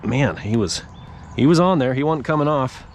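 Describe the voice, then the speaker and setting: A man's voice: medium pitch, animated, moderate pace, slight background noise. A man giving casual running commentary while fishing from a paddle board on a lake, chatting to the fish and his viewers. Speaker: fishing vlogger.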